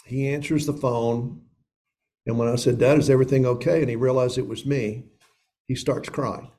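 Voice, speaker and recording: An older man in his seventies from Tennessee preaches a sermon at a middle pitch. He tells a personal story in a loose, conversational way and calls his listeners "guys". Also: mellow. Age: 70s. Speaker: pastor.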